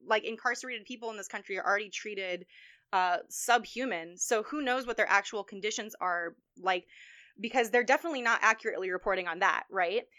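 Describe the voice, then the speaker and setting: A woman's voice: mid-range voice, fairly quick, bright, forceful tone. A woman co-hosting a podcast, ranting heatedly about politics in a casual, profane way. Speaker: podcast co-host.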